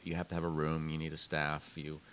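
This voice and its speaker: A man from Montreal moderating a live panel, asking measured questions with pauses. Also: extremely low pitch, completely flat delivery, fairly bright tone. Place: live event with an audience.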